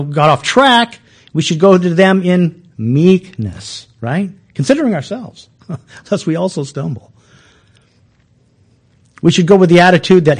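Animated male preacher, many restarts. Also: sits high. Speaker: pastor. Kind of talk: sermon.

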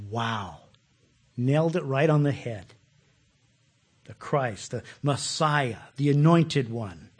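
A man preaching a conversational sermon, animated and laughing often, repeating words as he starts sentences. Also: medium pitch, slow pace, long pauses, breathy edge. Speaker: pastor.

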